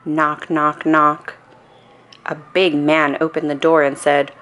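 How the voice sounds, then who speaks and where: A woman reading a bedtime story aloud, gentle and expressive. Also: low voice, slow pace. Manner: gentle and expressive, with playful voices. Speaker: storybook reader.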